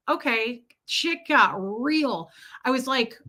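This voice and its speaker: A woman streamer telling a story to her viewers in a casual, animated way, laughing often and swearing freely. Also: high-pitched, a little slow. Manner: animated, laughing, lots of profanity.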